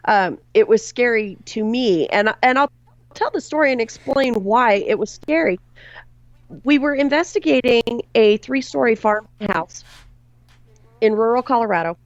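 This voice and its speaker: A woman recounts a haunting from her investigations, dropping her voice low on the chilling details. The recording is dull and lo-fi, with a dry, close sound. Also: expressive, a little slow, no room sound. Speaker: paranormal investigator guest. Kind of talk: storytelling in a podcast interview.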